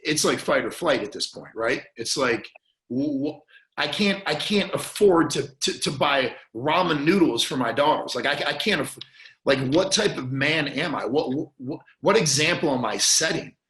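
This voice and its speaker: A man, a podcast guest, telling an emotional personal story in an earnest, halting way, often restarting and repeating words, and choking up at moments. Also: fairly high pitch, expressive, fairly bright tone, reverberant, rough recording. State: choked up at moments.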